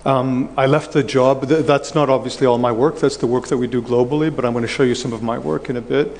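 A man's voice: medium pitch, steady tone, darkish tone. Nervous guy on a conference stage, stumbles and repeats words, big hall echo, faint hum behind. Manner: halting, repeats words, many fillers. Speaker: conference guest speaker. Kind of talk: on-stage conversation. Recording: hall reverb, faint background noise.

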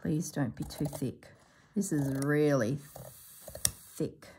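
A woman hosting a sewing vlog who thinks aloud as she works, musing to herself in a soft, half-whispered voice. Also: deep voice, slow pace, a little hiss or hum. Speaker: sewing channel host.

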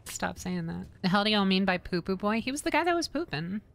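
A woman streamer giving loud, excitable game commentary, often shrieking and swearing. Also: mid-range voice, fairly quick, creaky. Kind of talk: gaming commentary.

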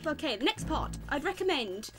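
A young British woman giving fast, excitable let's-play commentary with melodramatic outbursts, game music behind. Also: high-pitched. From Britain. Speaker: gaming YouTuber.

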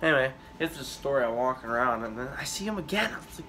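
A young man rambles through a story for his vlog, swearing freely and losing his thread. His voice is bright and forward, with a faint hiss of noise underneath. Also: medium pitch, animated. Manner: rambling, profane, halting with many fillers. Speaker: vlogger.

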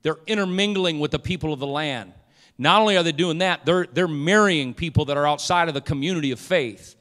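Male pastor, very high and sharp voice, fiery sermon in a reverberant sanctuary. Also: a little fast. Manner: impassioned preaching, swelling to shouts. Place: church sanctuary. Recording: church hall reverb.

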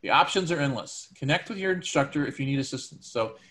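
A man's voice: fairly high pitch, lively intonation, fast, a bit bright. A male teacher giving a recorded lecture to his students, talking conversationally with everyday examples and frequent ums and uhs.

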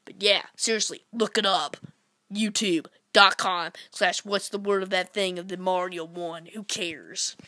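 A woman giving goofy, playful commentary while playing retro games, jumping between whispers, squeals and shouts. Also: mid-range voice, no room sound. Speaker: gameplay commentator. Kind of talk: casual let's-play commentary.

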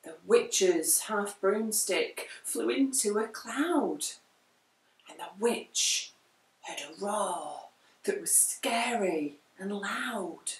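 A woman reading a rhyming picture book aloud, very expressive and deliberate. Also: medium pitch. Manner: slow, very expressive rhymed reading. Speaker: storyteller. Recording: echoey room, far from mic.

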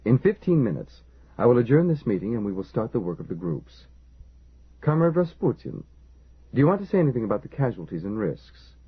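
A man's voice: medium pitch, very animated, fairly quick, husky, voice pushed up. A man voicing a dry, authoritative male official chairing a crisis meeting. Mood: commanding. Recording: lo-fi phone-like audio.

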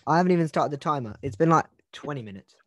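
A man's voice: a little high, lively intonation, racing, a bit bright, slight background noise. A man hosting a casual podcast over a video call, retelling a true-crime case in a joking, rambling way with many restarts. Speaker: podcast host.

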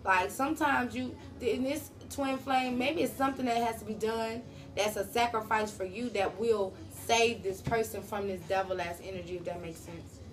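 A woman's voice: fairly high pitch, normal speed. A woman doing a casual tarot reading, talking straight to her viewers in a slangy, profane way. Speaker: tarot reader.

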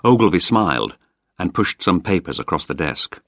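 A man reads a story aloud in a deep voice that rises and falls expressively. He is close to the mic in a dry, dead-quiet space, clear and measured for learners. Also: sing-song, no room sound. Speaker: narrator. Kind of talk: graded reader audiobook.

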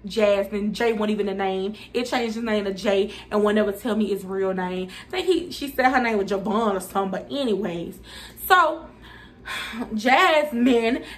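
A young woman telling a story time to her viewers in a casual, dramatic, animated way. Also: on the high side.

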